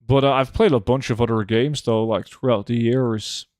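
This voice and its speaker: A man's voice: medium pitch, fairly even intonation, moderate pace, darkish tone, no echo, studio quality. Laid-back streamer man. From Norway. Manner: laid-back, chatty, loose with fillers. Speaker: game streamer. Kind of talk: casual livestream chat, reading chat aloud.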